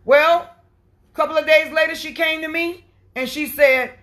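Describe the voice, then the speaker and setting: A woman preaching a sermon, swinging from soft, quiet lines to impassioned shouting. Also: sits high, fairly even intonation, normal speed.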